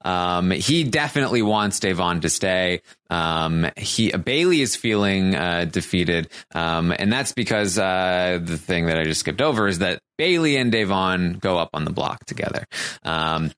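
A man's voice: deep voice, animated, a little slow, a bit bright, clear, resonant tone, dry recording. A man hosting a casual recap show, hesitant and full of fillers and restarts. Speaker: podcast host.

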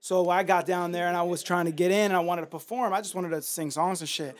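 A man's voice: high-pitched, steady tone, fast talker. A man in casual podcast chat, laid-back and rambling, cursing freely as he talks about performing music. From Miami. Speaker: musician guest.

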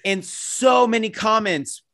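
A man's voice: slow pace, a bit bright. Rambling, laughing male storyteller. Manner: rambling storyteller who drifts into tangents; acts out quoted people with jumps in pitch. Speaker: interview guest, artist. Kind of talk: casual podcast conversation.

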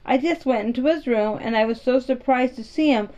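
Woman voicing a serious little girl, matter-of-fact, soft and mellow, muffled lo-fi sound. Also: sits high, brisk, lightly acted. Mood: earnest. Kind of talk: storybook reading.

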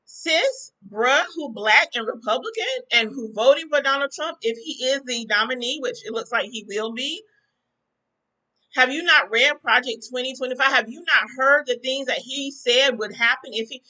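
A woman's voice: high-pitched, expressive, moderate pace, pushed and bright, low-quality recording. A woman hosting a talk podcast, giving fired-up, preachy commentary to her listeners. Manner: preachy, fired-up, talks straight to listeners as y'all. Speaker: podcast host. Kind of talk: casual commentary to a live chat.

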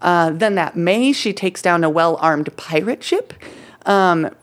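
Casual low-voiced woman podcaster. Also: expressive, unhurried. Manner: casual, full of fillers like "like" and "uh", playful slang. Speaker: podcast co-host presenting history research. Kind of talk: casual history podcast chat.

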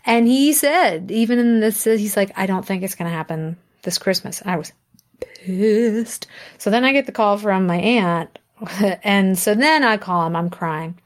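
A woman in her thirties, a musician guest, telling a story in a relaxed interview. She talks in a lively, animated way, often laughs mid-sentence and acts out the lines people said. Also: mid-range voice, moderate pace.

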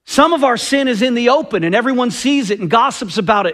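A man's voice: very high-pitched, lively intonation, fast, a bit bright. A man preaching a sermon with passion and emphasis, often acting out quoted dialogue. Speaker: pastor.

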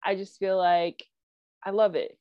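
A woman co-hosting a podcast in casual chat, animated and full of asides. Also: mid-range voice, unhurried. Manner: animated, with frequent likes and asides. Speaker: podcast co-host. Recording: dry, dull lo-fi sound.

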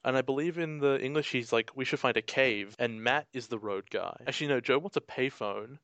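A man's voice: mid-range voice, fairly quick, a bit bright, dry recording. Male co-host, casual rambling chat, laughs easily, dry sound. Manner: chatty, laughs often, acts out quotes. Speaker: podcast co-host.

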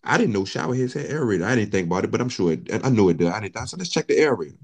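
A man's voice: on the low side, very animated, racing. A man telling a long, profane story in casual chat, acting out the quotes of the people in it.

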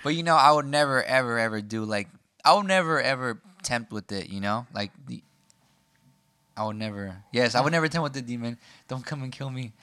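A young man in casual podcast chat, animated and rambling as he thinks aloud. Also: medium pitch, fairly quick, clean tone, dry recording.

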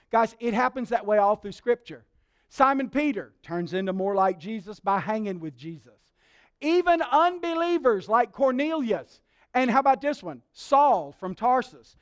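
A man preaching a sermon as pastor, telling stories in an animated way and acting out the voices he quotes. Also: high-pitched.

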